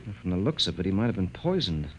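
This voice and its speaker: An actor playing a brisk, offhand middle-aged army colonel and father, in 1940s radio-play style, heard through a noisy old recording. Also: low voice, big pitch swings.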